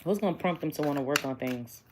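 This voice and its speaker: A woman's voice: deep voice, quick pace, noisy background. A chatty woman doing a casual tarot reading, blunt and joking with her viewers. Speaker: tarot reader.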